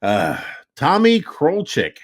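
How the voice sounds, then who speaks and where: A man co-hosting a podcast in easy, casual chat, cursing freely as he goes. His voice swings widely in pitch and he takes his time with every line. He often dissolves into helpless laughter. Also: huge pitch swings, takes it slowly. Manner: profane, breaks into helpless laughter. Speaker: podcast co-host.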